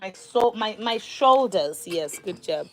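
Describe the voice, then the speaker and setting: A woman filming a family vlog at home, talking to her young sons and her followers in a lively, encouraging way. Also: mid-range voice, slow. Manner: animated, coaxing and praising her young sons. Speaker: vlogger and mother. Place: home, at a breakfast table.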